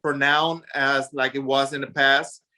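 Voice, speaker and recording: A man in his forties from Puerto Rico with a Puerto Rican Spanish accent, a native Spanish speaker telling his story as a podcast guest in a lively, animated way with lots of fillers. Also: mid-range voice, unhurried. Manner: animated, acts out past voices, many fillers. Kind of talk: casual storytelling interview.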